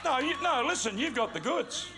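A man's voice: extremely high pitch, expressive, brisk. A man with an Australian accent, a guest pastor joking with a congregation in a jovial, teasing way before preaching. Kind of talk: sermon opening with banter. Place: large church auditorium with congregation. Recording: live church recording with crowd noise. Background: congregation noise.

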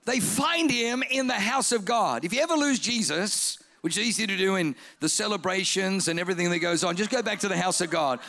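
A male preacher with a high, bright voice, delivering a sermon in a church. He is lively and comic, repeating phrases for effect and slipping into acted-out voices.

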